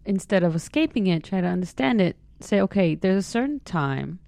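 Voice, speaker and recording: Gravelly-voiced woman telling stories. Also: fairly low pitch, fairly quick, no room sound. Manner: lively storyteller, acts out quoted voices. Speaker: guest. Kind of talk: casual chat.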